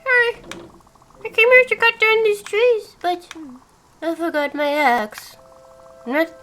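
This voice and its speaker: A woman voicing a fretful, axe-loving woodcutter spirit from a cozy game, in a high, sing-song, fussy voice while reading the dialogue aloud. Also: very animated, slow pace, sharp tone, faint music behind, full character voice.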